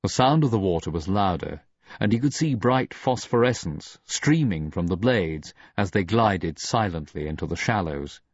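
A man narrating an audiobook in a dramatic, expressive reading. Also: deep voice, normal speed, husky, no room sound, highs cut off. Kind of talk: scripted narration.

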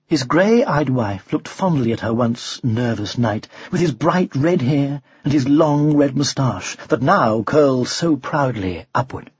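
A man narrating a children's story as an audiobook, in an expressive, animated telling. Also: medium pitch, a little slow, few pauses, breathy edge, dry recording, lo-fi sound.

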